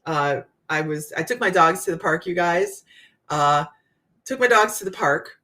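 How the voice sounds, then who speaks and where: A woman psychic medium hosting a casual live chat, telling stories to her viewers in a chatty, animated way. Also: lowish voice, a little slow. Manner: chatty storytelling, Southern US "y'all".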